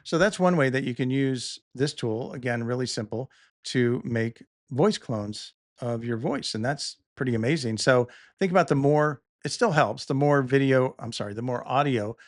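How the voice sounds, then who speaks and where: A middle-aged man, a podcast host, walking through a software demo in a relaxed, casual way, thinking aloud with small restarts. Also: mid-range voice, moderate pace, no echo, clean studio sound. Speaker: podcast host demonstrating tools. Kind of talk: casual tutorial narration.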